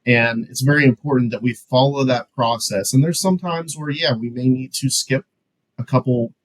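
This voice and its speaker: A man co-hosting a casual business talk show, speaking in a relaxed, rambling way. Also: medium pitch, moderate pace, rough recording. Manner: relaxed, rambling with fillers and restarts. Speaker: co-host. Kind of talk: casual business podcast chat.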